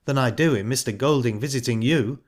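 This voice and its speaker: A man voicing a calm, sharp-tongued young woman who speaks in a pointed, ironic way. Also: medium pitch, normal speed, voice pushed up, natural voice. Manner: cool, pointed and cutting.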